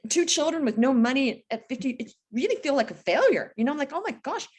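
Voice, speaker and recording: A woman in her fifties speaks as a guest on an interview podcast, coaching with energy and emphasis. Her fairly high voice swoops up and down with lively intonation as she pushes each point home. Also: quick pace, breathy edge. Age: 50s. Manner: energetic, emphatic, animated storytelling.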